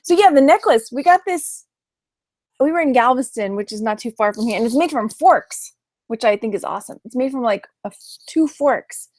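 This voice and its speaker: A woman's voice: fairly high pitch, expressive, normal speed, a little mellow. A woman with a Texan accent chatting casually on a late-night live stream, tired and greeting viewers by name as she goes. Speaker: online reseller doing a live stream.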